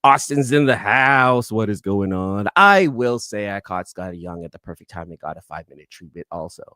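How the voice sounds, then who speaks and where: Hosting a casual comic-book haul vlog, this YouTube comic collector speaks in a fairly low, clear, resonant voice that's expressive, bright, and forceful. The studio sound is clean with no echo. He rambles, keeps restarting himself, and tosses quick asides to live-chat viewers.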